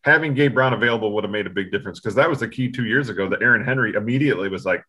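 A man's voice: fairly low pitch, very fast, bright, forceful tone, slightly rough. A man co-hosting a sports talk show, rambling casually and often restarting his sentences. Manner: rambling, self-interrupting. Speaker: sports podcast co-host.

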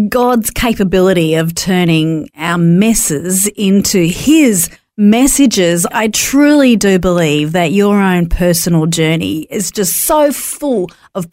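Woman, radio host, lively pitch, dry close sound. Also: dry recording. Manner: encouraging, gushing praise. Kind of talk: faith radio interview.

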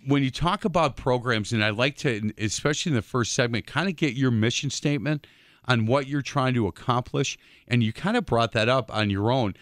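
A man, hosting a casual sports talk radio show and telling lively stories. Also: mid-range voice, a little fast, no echo, studio quality. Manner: chatty storyteller, acts out quotes.

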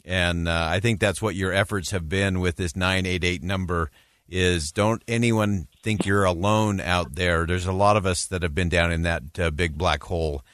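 A man's voice: low voice, steady tone, moderate pace, a bit bright, no echo. A man hosting a radio interview, conversational with frequent fillers. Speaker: radio host.

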